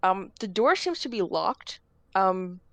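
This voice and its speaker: A woman's voice: medium pitch, big pitch swings, slow, dry recording. Rambling woman running a tabletop game. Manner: rambling, filler-heavy. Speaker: game master.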